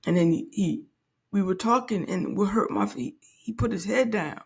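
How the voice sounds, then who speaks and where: A woman's voice: mid-range voice, normal speed, gravelly, slightly rough. A woman in her late forties, hosting a podcast and telling a personal story in a candid, reflective way that halts and restarts often. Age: late 40s. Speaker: podcast host.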